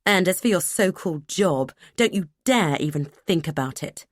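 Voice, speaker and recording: Woman playing a menacing, controlling husband, slow and cold, lower and dry; storybook role. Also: animated, no room sound.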